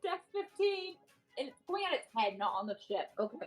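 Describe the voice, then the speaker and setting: Woman player, giggly, chatty, high voice, swooping tone. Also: big pitch swings, fairly quick, soft background music. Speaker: tabletop game player. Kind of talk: casual play at the table.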